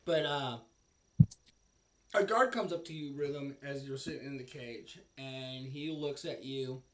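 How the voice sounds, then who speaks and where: A man narrating a tabletop role-playing game as game master, halting and full of fillers. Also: mid-range voice, a bit bright, slight background noise.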